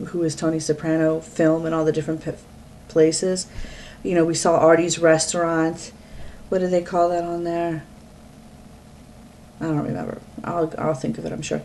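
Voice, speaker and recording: A woman's voice: low-pitched, darkish tone, a little hiss or hum. A middle-aged woman from the US East Coast, chatting alone to her webcam at home in a rambling way, often breaking off mid-sentence. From Pennsylvania, US East Coast. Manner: rambling, chatty, self-interrupting. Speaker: vlogger. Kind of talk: casual talk to webcam.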